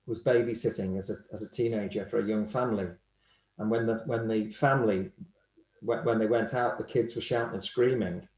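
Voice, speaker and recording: Man, animated anecdotal storyteller, roomy echoey sound. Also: lowish voice. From Liverpool, England. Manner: animated storyteller, acts out quoted voices. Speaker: guest, hypnotherapist.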